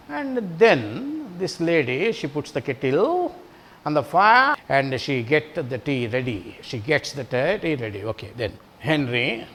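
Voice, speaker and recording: A man teaching an English lesson, explaining a play line by line. He repeats phrases and fills his pauses with "uh". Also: fairly high pitch, very animated, a bit bright.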